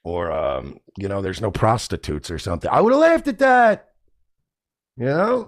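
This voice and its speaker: This podcast host speaks in a fairly low voice with big swings in pitch, at normal speed, in clean, echo-free studio audio. He rants casually to camera, swearing freely, sounding indignant and imitating people in mocking voices.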